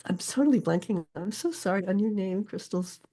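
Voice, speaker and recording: An older woman, a poet and teacher, explaining her subject in a casual interview, thoughtful and often pausing to search for words. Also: medium pitch, lively intonation, warm tone.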